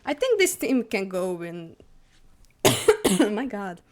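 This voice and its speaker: A woman live streaming a video game, chatting casually with her viewers, giggly and prone to excited squeals. English is not her first language. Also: medium pitch, takes it slowly. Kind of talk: casual gaming stream chat. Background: faint game music.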